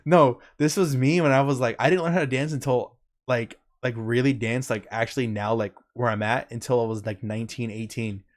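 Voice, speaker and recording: A young man hosting a casual chat stream, telling a story in relaxed, slangy talk. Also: mid-range voice, brisk. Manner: laid-back storytelling with slang. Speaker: streamer host.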